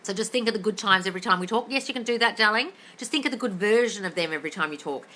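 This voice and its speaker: Speaking through a phone mic, a woman with a medium-pitched, sharp voice races through answers in a casual live-stream Q&A. She's a manifestation coach taking live questions, blunt and full of swearing, and she calls everyone darling.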